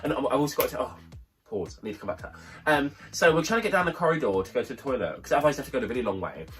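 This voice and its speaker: A man's voice: mid-range voice, racing, faint music behind. A young man co-hosting a review show, telling a long story in casual chat and acting out the voices of the people in it. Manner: chatty, animated storyteller, acts out voices. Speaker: podcast co-host.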